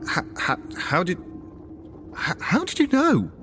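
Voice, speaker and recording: An actor playing a nervous, sheepish husband in a horror audio drama, stammering with awkward laughs. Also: male voice, mid-range voice, animated, takes it slowly, faint music behind.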